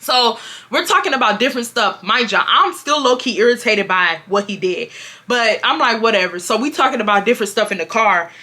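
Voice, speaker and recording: A woman in her twenties from Houston telling a storytime vlog in an expressive, slangy way, acting out what people said. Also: fairly quick. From Houston, Texas. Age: 20s. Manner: expressive, slangy, acts out quotes with pitch jumps. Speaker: storytime YouTuber.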